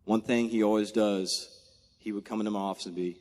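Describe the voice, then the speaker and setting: A Maryland man in his forties, an outgoing military commander, gives a heartfelt farewell at a ceremony in a large aircraft hangar, thanking people one by one while holding back tears. His low-pitched, darkish voice is fairly quick with fairly even intonation. The hangar's long echo fills the recording, along with slight background noise.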